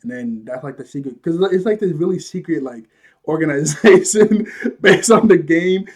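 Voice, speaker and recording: A man talks through an episode he watched in a relaxed, rambling way, laughing easily along the way. His delivery is loose and conversational, full of fillers. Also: on the high side, moderate pace. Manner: loose, chatty, laughs often, lots of "like". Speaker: show reviewer. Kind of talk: casual episode recap.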